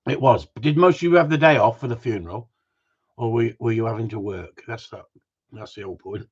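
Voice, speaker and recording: Husky man rambling on a stream. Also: medium pitch, fairly quick. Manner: rambling and joking, answering viewers' comments. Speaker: dog trainer hosting a live stream. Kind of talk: casual live-stream chat. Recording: dull lo-fi stream audio.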